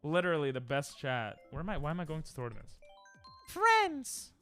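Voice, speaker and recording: A man streaming live, chatting casually and playfully with his viewers, with sudden loud bursts. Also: a little high, quick pace, clean tone, soft background music. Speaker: livestreamer.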